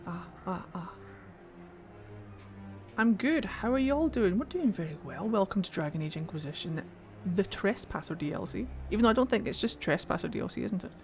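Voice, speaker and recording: A woman's voice: medium pitch, expressive, normal speed, faint music behind. A woman streaming a fantasy game live, chatting casually and laughing between scenes. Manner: chatty, laughing, gushing asides. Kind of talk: casual gameplay commentary.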